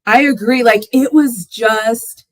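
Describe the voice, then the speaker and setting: A woman's voice: fairly high pitch, takes it slowly, dry recording, low-quality recording. A woman hosting a casual live sports chat, talking animatedly and laughing often as she tells a story. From Texas fan, not origin. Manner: animated, laughs often, exclaims in rising squeals. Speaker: sports talk livestream host.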